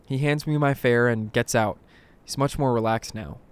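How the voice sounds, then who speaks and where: A man narrates spooky first-person stories in a scripted, dramatic reading. His voice sits at a middle pitch. He drops into a hush when the tension builds and jumps up when things go wrong. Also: normal speed, clean tone. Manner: dramatic, hushed at tense moments, bursts of alarm. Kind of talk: scripted horror story narration.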